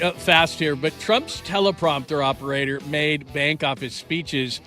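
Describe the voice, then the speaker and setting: Bright, forceful sports radio host. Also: male voice, on the high side, a little slow, soft background music. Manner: energetic, enthusiastic praise.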